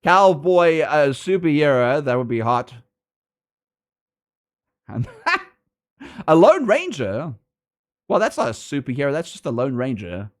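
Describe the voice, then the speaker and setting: A man's voice: a little high, very animated, a little slow, long pauses. A man streaming a game and chatting with his viewers, teasing them and laughing often. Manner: playful, teasing, laughs often, jumps between loud and mumbled; reads chat aloud and answers viewers. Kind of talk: casual livestream chat.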